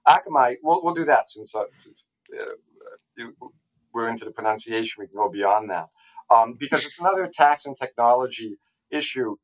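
A man, a tax attorney guest on a podcast, explaining a legal case in a casual, halting way with frequent restarts and asides. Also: medium pitch, low-quality recording.

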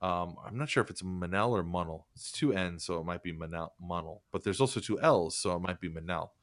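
A man's voice: sits low, brisk, no room sound, studio quality. A man hosting a casual podcast chat, rambling and sardonic, swearing freely as he reads from and mocks an article.

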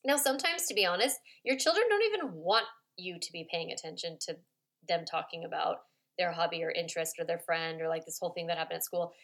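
Woman, parenting coach, podcast host, casual chatty delivery, softens for example replies. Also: lively intonation, fast talker. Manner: chatty and informal, full of "like" and "right?"; acts out children's complaints in a high voice. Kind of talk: conversational podcast monologue.

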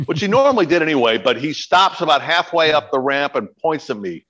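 A middle-aged man telling stories as a podcast guest, in a casual chat. He talks in an animated way and acts out what people said. His voice sits in the middle of the male range. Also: on the high side, moderate pace, low-quality recording. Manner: animated storyteller, acts out quotes.

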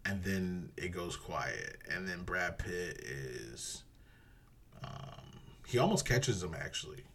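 A man's voice: deep voice, very animated, takes it slowly, creaky, a bit bright, slightly rough. A man co-hosting a podcast in casual chat, rambling through a movie plot and acting out quotes. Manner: rambling, laughs often, acts out quotes in a dropped voice. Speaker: podcast co-host.

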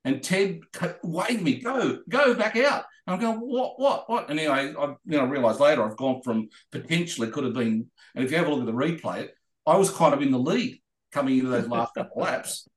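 An Australian man, a guest racer, telling rambling, animated anecdotes in a podcast interview. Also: medium pitch, brisk, echoey room. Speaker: guest racing driver.

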